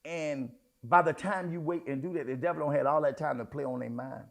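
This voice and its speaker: Gravelly high-voiced man preaching. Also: fairly quick. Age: middle-aged. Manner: conversational preaching with sudden emphatic outbursts. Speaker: pastor. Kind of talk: sermon.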